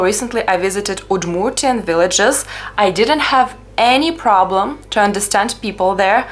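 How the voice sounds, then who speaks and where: A young woman from Russia with a Russian accent, narrating a travel vlog in a chatty, lightly humorous, explanatory way. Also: medium pitch. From Russia (Perm). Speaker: travel vlogger.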